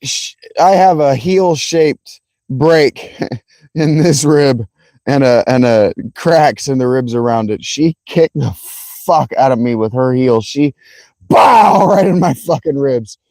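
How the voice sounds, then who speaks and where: A man's voice: mid-range voice, slow pace, warm tone, no room sound. A man in his thirties livestreaming by a fountain, with a worn, strained voice, laughing often and swearing as he chats. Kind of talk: casual livestream chat. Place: outdoors by a fountain.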